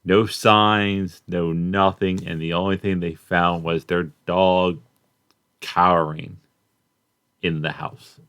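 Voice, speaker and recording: A young man with a low, deep voice talks through a cartoon in a loose, rambling way. He halts, restarts and leans on fillers as he goes. The sound is dry and close. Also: little pitch movement, slow pace, fairly bright tone, clear, resonant tone, no room sound. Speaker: cartoon reviewer. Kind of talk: casual spoken review.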